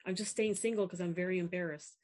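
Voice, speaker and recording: In a casual, candid interview, a young woman guest who founded an app speaks quickly in a fairly low voice. She's frank and lively, telling stories and imitating what others said.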